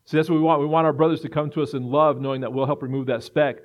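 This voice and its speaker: A man's voice: fairly high pitch, steady tone, rapid-fire. A man preaching a sermon in an earnest way, building to emphatic repetition. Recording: dull lo-fi recording.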